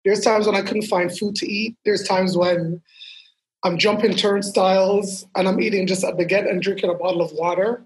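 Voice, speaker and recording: A woman fashion model, a guest in an interview, telling her story in a lively way and acting out what people said. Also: mid-range voice, moderate pace, rough recording. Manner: lively storyteller who acts out quotes.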